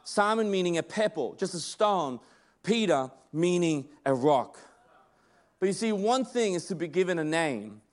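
High-voiced man preaching a sermon. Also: sing-song, measured pace. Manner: emphatic, conversational preaching with frequent restarts.

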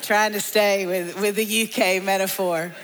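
A woman's voice: medium pitch, unhurried, a faint crowd. Woman, preacher, humorous sermon storytelling, large hall, long reverb. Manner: humorous storytelling, lively asides.

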